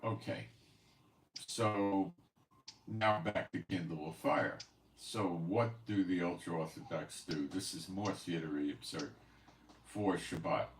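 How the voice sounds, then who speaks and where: A man's voice: low voice, slow. A man hosting his own channel, talking casually to viewers in a rambling, conversational way full of fillers and asides, recorded at home. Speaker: channel host. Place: at home in Israel. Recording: roomy echo, voice from a distance, faint background hiss.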